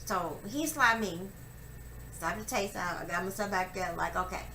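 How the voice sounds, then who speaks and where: A young woman telling a personal story to camera, profane and emphatic, acting out her quotes loudly. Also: fairly low pitch, moderate pace. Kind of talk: candid storytelling monologue. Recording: echoey room with faint ambient noise.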